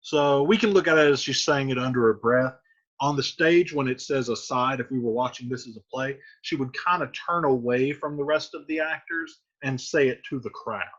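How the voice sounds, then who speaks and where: A man's voice: mid-range voice, moderate pace, fairly bright tone, husky, muffled recording. A man teaching, explaining a play in a casual, conversational way with frequent fillers.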